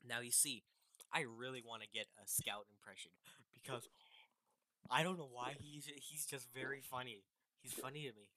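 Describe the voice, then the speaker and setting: A young man with a bright, forward voice at an ordinary pitch, co-hosting a podcast over an online call. His talk is casual and playful, full of giggles and teasing back-and-forth. A faint hiss sits under the voice. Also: moderate pace. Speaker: podcast co-host. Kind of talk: casual chat.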